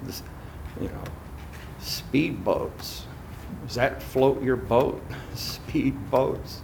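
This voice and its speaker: Male pastor, sermon, slow delivery, gravelly voice, emphatic. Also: mid-range voice, darkish tone, slight background noise. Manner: emphatic, drawn-out phrasing, asides to the congregation.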